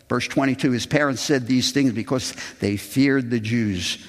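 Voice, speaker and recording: A man's voice: normal speed, few pauses, long reverb tail. A man preaching a sermon, reading scripture aloud and calling his listeners "folks". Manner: reads scripture aloud, voicing the quoted people with raised pitch; addresses the congregation as "folks". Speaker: pastor.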